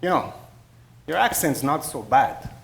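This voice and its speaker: A man's voice: mid-range voice, lively intonation, a little slow, creaky, reverberant, a little hiss or hum. A man playing a teasing, stubborn Italian immigrant father with an Italian accent, in stage play acting. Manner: teasing, exclaiming with Italian phrases.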